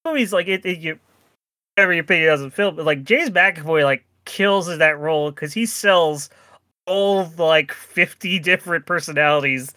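A man's voice: fairly high pitch, moderate pace, sharp tone, no room sound. A man chatting casually as a podcast co-host, rambling with many restarts and frequent laughs. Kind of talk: casual chat.

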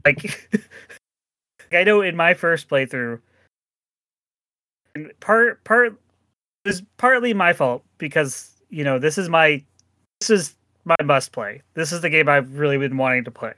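A man's voice: fairly high pitch, expressive, measured pace, long pauses, sharp tone, dry recording. A man chatting casually as a podcast co-host, rambling with many restarts and frequent laughs. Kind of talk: casual chat.

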